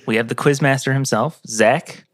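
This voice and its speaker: A man's voice: medium pitch, normal speed, dry recording, studio quality. A man hosting a casual podcast, doing upbeat introductions and joking loosely with friends. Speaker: podcast host.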